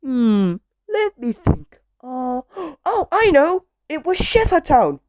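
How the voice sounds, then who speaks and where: A woman's voice: high voice, sing-song, takes it slowly, a little mellow, no echo, pitched above the performer's own voice, exaggerated voice. A woman voicing a muddled, cheerful young woman in a read-aloud children's storybook, giddy and flustered.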